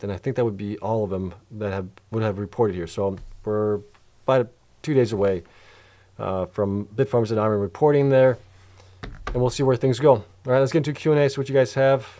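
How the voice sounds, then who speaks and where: A man's voice: on the low side, dark tone. A man hosting a casual livestream, tired and yawning, thinking aloud as he rambles through spreadsheets and answers questions. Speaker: host of a crypto mining channel.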